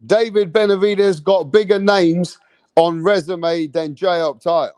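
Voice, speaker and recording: A young man, high-pitched and unhurried, riffs through a boxing live stream in slangy, animated commentary. He talks straight to the chat, and his voice sounds close and dry with no room around it. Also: no echo.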